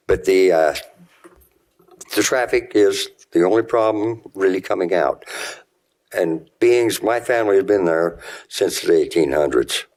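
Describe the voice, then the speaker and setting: Low-voiced Utah man, rambling plainspoken public commenter at a podium mic. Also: a little mellow. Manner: rambling, plainspoken, full of local detail. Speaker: resident giving public comment. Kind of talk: public comment at a city meeting.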